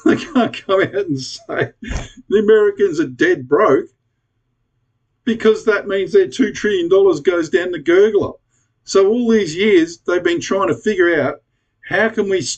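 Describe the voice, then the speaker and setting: Speaking in a high, unhurried voice, this Australian prepper vlogger bluntly rants at the camera, cursing freely and begging his audience. It's a casual vlog with dull-sounding audio.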